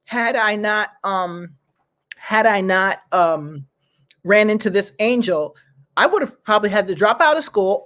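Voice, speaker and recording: A woman from New York hosting a talk show, telling personal stories in a rambling, lively way. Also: mid-range voice. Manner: rambling, restarts sentences, lively retelling. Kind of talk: casual interview chat, personal storytelling.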